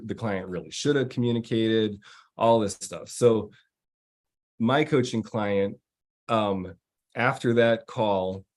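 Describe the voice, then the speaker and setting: A man's voice: fairly low pitch, darkish tone. An executive coach, a man, telling a story to viewers in a loose, rambling way with many fillers and restarts. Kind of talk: casual live-stream talk answering viewers.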